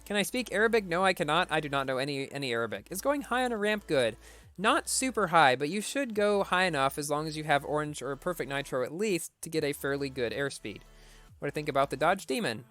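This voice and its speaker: A man's voice: fairly high pitch, animated, fast, fairly bright tone, soft background music. A man streaming a racing game, reading viewer questions aloud and answering them briefly in a casual tone.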